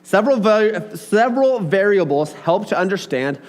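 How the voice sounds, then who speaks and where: A high-pitched man preaches at a moderate pace in a casual, talkative way. He addresses the congregation head-on, animated and full of asides and questions.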